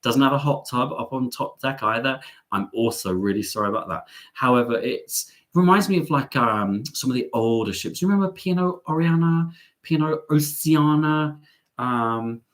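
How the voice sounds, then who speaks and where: A man's voice: medium pitch, normal speed, fairly bright tone. A middle-aged man hosting a live stream, chatting casually as he reads out viewer comments, with sarcastic, self-mocking asides and lots of ums.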